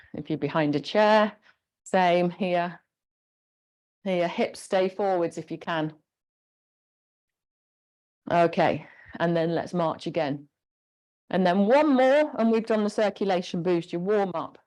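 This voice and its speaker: A woman instructor leading a gentle guided exercise class, encouraging and giving step-by-step movement cues. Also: lowish voice.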